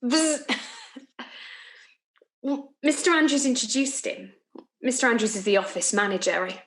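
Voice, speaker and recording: An actress playing a lovestruck young office woman who chats and giggles through her confession, recorded in an echoey room. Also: sits high. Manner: chatty, confiding, giggly asides. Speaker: actor in a monologue. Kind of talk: theatrical monologue.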